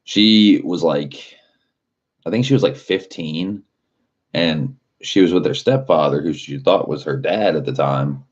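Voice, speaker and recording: Man, very deep voice, casual live stream chat, rambling with fillers and swearing, muffled lo-fi audio. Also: measured pace. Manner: loose rambling, heavy on filler words and swearing.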